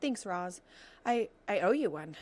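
A woman's voice: mid-range voice, expressive, unhurried, a little mellow, lightly acted. A woman doing an eager sly fox. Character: scrappy sly male fox, hungry and pushy.

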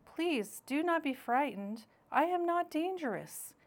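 A woman voicing a calm, polite female robot who cares for a gosling, speaking in a formal, precise way. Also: sits high, a little slow, pitched above the performer's own voice.

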